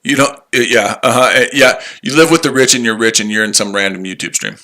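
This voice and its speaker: Male trading streamer, tired and mocking, bright tense tone. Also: medium pitch, fast talker. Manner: sarcastic, repetitive, combative. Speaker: trading livestream host. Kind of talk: live trading stream, answering chat.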